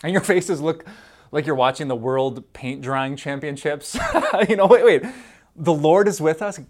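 A man's voice: a little high, big pitch swings, a little slow. A man preaching a devotional sermon in a conversational, playful way, stacking emphatic lists and breaking into laughs. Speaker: pastor.

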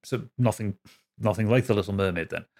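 A man hosting a podcast, chatting casually, laughing often and reading listener messages in an animated way. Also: a little fast. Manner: lively, laughs often, jumps high when reading quotes. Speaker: podcast host.

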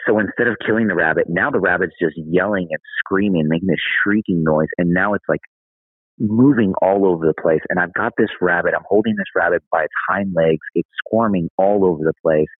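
A man's voice: sits low, brisk, slightly rough, no echo. A man telling a story as a podcast guest in a candid, conversational way. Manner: candid, conversational, says "dude". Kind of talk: casual storytelling. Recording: thin phone-like line.

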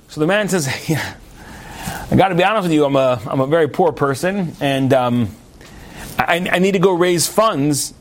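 A man spins stories for a gathered audience. His voice sits high and swoops widely as he acts out each character's words. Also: normal speed. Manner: animated storyteller, acts out characters' lines. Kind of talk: storytelling talk to an audience.

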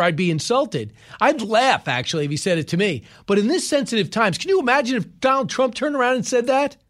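Male commentary host, high pitch, emphatic, talks in rhetorical questions. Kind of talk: opinionated political commentary.

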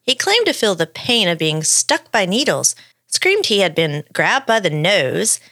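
A woman's voice: medium pitch, sing-song, measured pace, sharp tone, no room sound, clean studio sound. A woman co-hosting a podcast, reading a story aloud with playful asides. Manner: reads the script with playful asides. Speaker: podcast co-host.

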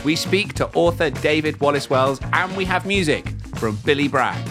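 A man's voice: fairly high pitch, normal speed, over music. A man with an English accent hosting a podcast, chatty and upbeat, laughing often. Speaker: podcast host. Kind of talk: casual chat.

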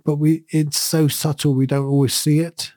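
A man's voice: on the high side, flat delivery, moderate pace, mellow, no room sound, clean studio sound. A middle-aged man, a podcast host, giving a thoughtful and earnest reflective monologue in a conversational way.

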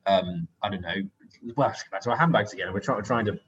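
A man's voice: fairly low pitch, quick pace, fairly bright tone, dull audio, slight background noise. A man co-hosting a casual chat, rambling and correcting himself mid-sentence with apologetic asides.

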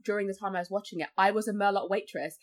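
A woman's voice: mid-range voice, steady tone, racing. A woman talking as a guest on a podcast in casual chat. She fills her talk with "like" and often acts out other people's voices. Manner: chatty, full of likes, acts out voices.

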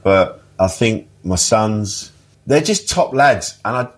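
A man's voice: fairly low pitch, animated, takes it slowly. A man, a podcast guest telling funny stories in casual chat, laughing often and swearing freely. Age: 50s. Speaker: interview guest.

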